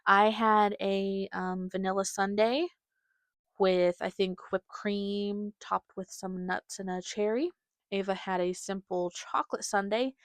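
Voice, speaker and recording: Recorded dry, a woman's mid-range voice carries a casual storytelling monologue on the podcast she hosts. The story is rambling and chatty, with her acting out her family's lines.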